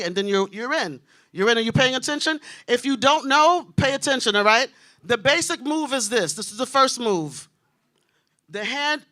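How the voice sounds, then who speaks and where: Brief: New woman stand-up, brash and animated, bright and sharp in tone, works the room directly. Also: on the high side. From Queens, New York. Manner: brash, animated, talks straight to the crowd. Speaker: stand-up comic. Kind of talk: stand-up comedy set. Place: comedy club stage.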